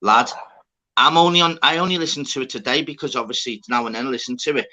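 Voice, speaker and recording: A man, chatting casually and telling a story, with plenty of swearing. His voice is bright and tense, and he talks at a middling pitch. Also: fast talker, a little hiss or hum. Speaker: host. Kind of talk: casual chat.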